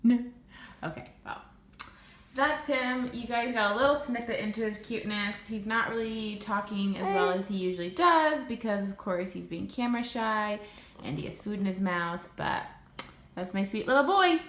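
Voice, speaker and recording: Young mom, sing-song coaxing voice, in an echoey room with a faint hum. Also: female voice, normal speed, fairly bright tone. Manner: sing-song and encouraging, swooping up in pitch. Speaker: mother. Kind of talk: coaxing her toddler on camera.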